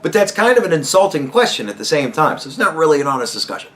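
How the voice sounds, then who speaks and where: A young man rants into his podcast mic, swearing freely and climbing to loud, exasperated outbursts. His voice sits a little higher than most men's. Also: sing-song, quick pace. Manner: heated, swearing, rising to shouts. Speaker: podcast host. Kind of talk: profane rant commentary.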